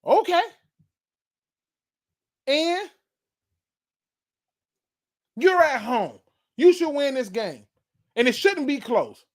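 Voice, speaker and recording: A man's voice: very high-pitched, sing-song, drawn-out words, pauses often. A man hosting his own sports channel, delivering a fired-up fan rant that hammers the same points again and again. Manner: fired-up, preachy, repeats points.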